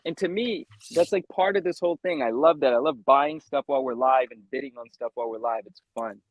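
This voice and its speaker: Husky-voiced guy chatting about his collection. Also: mid-range voice, quick pace, no echo. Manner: rambling, animated storytelling with lots of "right?". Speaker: co-host. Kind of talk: casual livestream chat.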